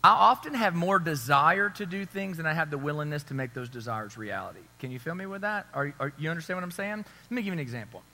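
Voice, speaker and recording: A man's voice: fairly high pitch, expressive, quick pace, few pauses, bright, forceful tone. A man in his thirties preaching a sermon, telling a story in a conversational way and asking the crowd for agreement. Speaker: pastor. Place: church hall. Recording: long hall reverb.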